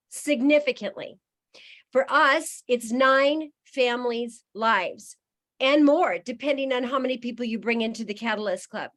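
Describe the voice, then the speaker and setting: High-voiced emotional woman on a call. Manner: emotional, emphatic, repeating phrases for effect. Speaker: guest speaker on a network marketing call. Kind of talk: motivational speech on a video call. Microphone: video call.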